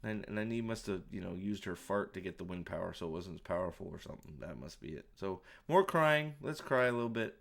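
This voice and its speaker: A man's voice: low-pitched, animated, quick pace, gravelly, hardly any pauses. A man giving casual, sarcastic commentary while watching a show, mocking scenes and swearing freely. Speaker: show reviewer. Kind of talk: casual commentary over playback.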